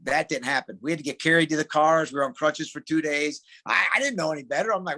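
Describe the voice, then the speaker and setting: A middle-aged man, a wrestling coach, chatting as a podcast guest in an emphatic, excitable way. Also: a little high, quick pace, hardly any pauses. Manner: emphatic, excitable, calls people dude. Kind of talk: casual interview chat.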